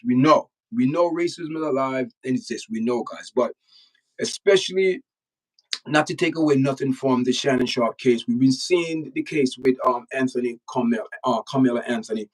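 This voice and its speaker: A Jamaican man with a Jamaican accent hosts a casual livestream, reacting to news and chat and lecturing his viewers directly. He's emphatic and repeats his words often. His voice is mid-range, and the recording is rough, with him sitting far from the mic.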